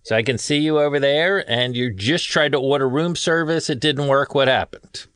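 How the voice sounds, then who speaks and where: A man's voice: medium pitch, normal speed, a bit bright, clean tone, no room sound. A man co-hosting a comedy podcast from a studio, asking dry, teasing questions. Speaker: co-host. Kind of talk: deadpan comedy podcast banter. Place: studio in Burbank, California.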